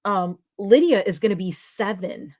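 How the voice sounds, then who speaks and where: This woman's mid-range voice is animated, mellow, and a little slow. She hosts a casual livestream chat as a dog trainer, rambling and using many fillers.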